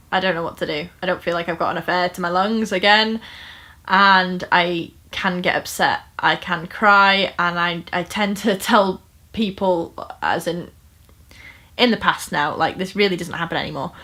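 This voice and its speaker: A woman's voice: fairly low pitch, steady tone, normal speed, pushed and bright. A woman talking earnestly and casually to camera at home, with frequent fillers and restarts. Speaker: vlogger. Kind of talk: casual personal storytime talk.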